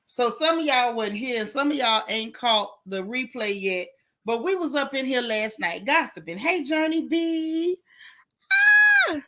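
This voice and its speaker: A woman hosting a casual livestream, warmly greeting chat viewers one by one by name. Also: fairly high pitch. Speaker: livestream host. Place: home in Texas.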